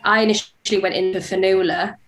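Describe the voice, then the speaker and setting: A woman's voice: medium pitch, fairly even intonation, brisk, soft background music. A woman from England, an actress chatting on a video call, correcting herself and laughing often. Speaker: actress, interview guest. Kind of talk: casual video-call interview.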